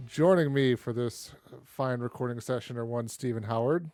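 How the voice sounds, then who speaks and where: A man's voice: medium pitch, normal speed, few pauses, darkish tone, dry recording, faint music behind. A man hosting a casual podcast, easygoing and laughing often between remarks. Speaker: podcast host.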